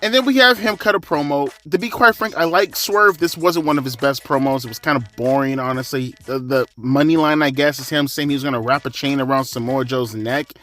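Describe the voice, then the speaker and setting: A man's voice: mid-range voice, a little fast, hardly any pauses, faint music behind. Exasperated man ranting, swearing freely. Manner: profane, exasperated, swings from mutters to yells. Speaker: wrestling show reviewer. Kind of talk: ranting commentary vlog.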